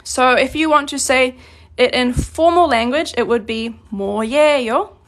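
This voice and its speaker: Young woman, high-pitched, casual language teacher: says the example, translates it, loose and chatty. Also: normal speed. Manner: explains plainly with many fillers, reads Korean examples then translates. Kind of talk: casual grammar lesson.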